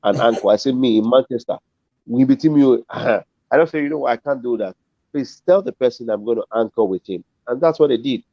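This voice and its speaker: A middle-aged man with a Nigerian accent tells a long story as a guest, acting out each person in it as he goes. His voice sits at an everyday pitch. The audio is dull and dry, with the lo-fi feel of a streamed call. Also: fairly quick, warm tone, no echo. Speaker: comedian and compere, interview guest. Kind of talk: storytelling in an interview.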